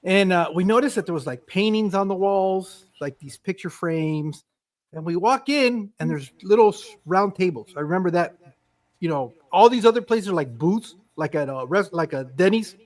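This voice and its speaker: A man in his fifties telling a story in casual chat. He is animated, acts out the voices of the people in it, and swears casually. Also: high voice, moderate pace. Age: 50s.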